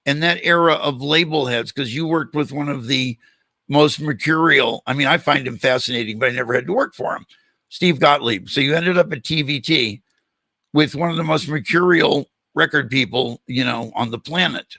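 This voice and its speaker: A man's voice: a little high, moderate pace, vocal fry, no echo. An older man hosting an interview, telling a long anecdote and acting out the dialogue in it. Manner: animated storyteller, acts out quoted dialogue. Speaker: podcast host. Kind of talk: storytelling in a casual interview.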